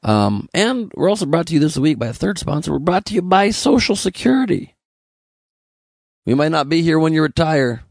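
This is a young man from Los Angeles doing a comic monologue as a podcast host. His voice has a gravelly rasp at a middle pitch. He sounds close and dry, and he keeps a sarcastic tone, slipping into mock voices now and then. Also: darkish tone, no echo.

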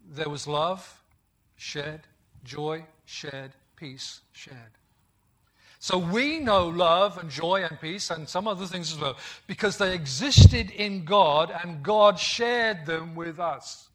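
A man's voice: on the high side, lively intonation, slow, fairly bright tone. A middle-aged man from the West Midlands of England, preaching a sermon with emphasis, repeating key phrases and asking the congregation questions.

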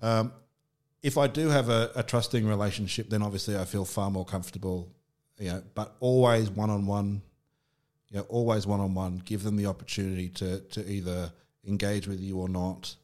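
A man's voice: on the low side, fairly even intonation, moderate pace, a little mellow. A middle-aged Australian man telling personal stories candidly in casual conversation, with frequent restarts. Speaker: podcast guest.

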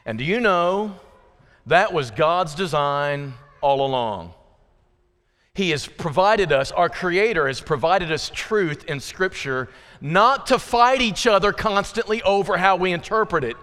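High-voiced man preaching in a reverberant church. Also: expressive, a little slow, fairly bright tone. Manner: conversational, folksy preaching with asides to the congregation. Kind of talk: sermon. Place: church sanctuary. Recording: long reverb of a church hall.

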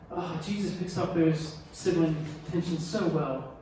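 High-voiced preacher in an echoey hall. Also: male voice, slow pace. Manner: animated, emphatic, repeats key lines, asks the audience questions. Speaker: pastor. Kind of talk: sermon. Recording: echoey hall from far off with faint noise.

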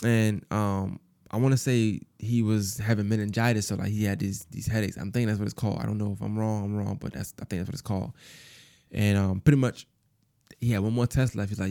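Gravelly low-voiced man telling a story. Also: little pitch movement, a little fast, dark tone, no room sound, clean studio sound. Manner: rambling, repeats phrases with lots of fillers. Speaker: podcast host. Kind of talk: casual storytelling.

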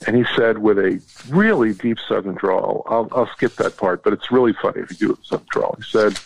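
A man's voice: lowish voice, a little fast, creaky, hardly any pauses, husky, poor audio. A man, a former congressman, chatting as a podcast guest and telling jokey stories with asides. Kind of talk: casual podcast banter.

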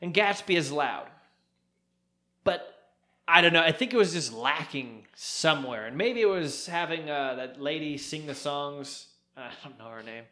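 A young adult man co-hosting a casual podcast chat, animated and jokey, with rambling asides. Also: fairly high pitch, moderate pace. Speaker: podcast co-host.

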